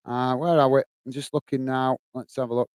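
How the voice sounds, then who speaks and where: A man's voice: medium pitch, level tone, brisk, a little mellow, dry recording. A man hosting a casual livestream, chatting to viewers, calling them mate, and reading out their comments. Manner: reads out chat comments. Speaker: livestream host.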